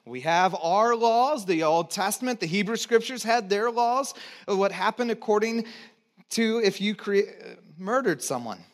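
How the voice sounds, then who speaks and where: Man, pastor, high voice, conversational sermon, jokes with the congregation, loud then hushed. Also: lively intonation, unhurried. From United States. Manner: conversational preacher, asks the congregation to repeat words, joking asides; swings between loud emphatic lines and low quiet ones.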